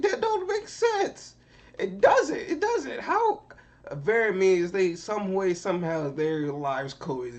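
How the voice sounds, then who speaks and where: A young man streaming from his computer, ranting in an animated, profane, skeptical way, full of restarts. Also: fairly high pitch. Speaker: streamer reacting to movie news. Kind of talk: casual rant on stream.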